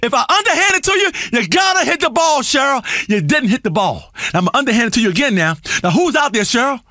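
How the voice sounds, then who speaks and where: An actor playing an erratic, self-important male radio health guru who rambles and swings between crooning and shouting. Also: very high-pitched, big pitch swings, quick pace, no echo, exaggerated voice. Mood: lecturing. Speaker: radio health show host. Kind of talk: comedic radio talk show performance.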